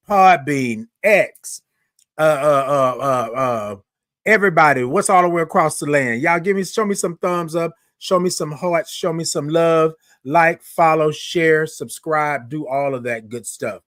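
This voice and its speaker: A man hosts a relaxed morning livestream, talking easily to his viewers and greeting each one by name. His voice sits a little high for a man. The sound is dry and close, with the microphone right at his face. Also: no echo. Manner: chatty, greets viewers by name, drawn-out sung "good morning". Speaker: livestream host. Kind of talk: casual livestream talk.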